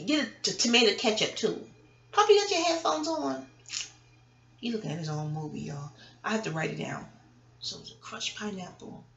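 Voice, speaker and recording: A woman's voice: medium pitch, creaky, fairly bright tone. A woman vlogger talking in a blunt, rambling casual monologue, swearing often and drifting into chatty asides.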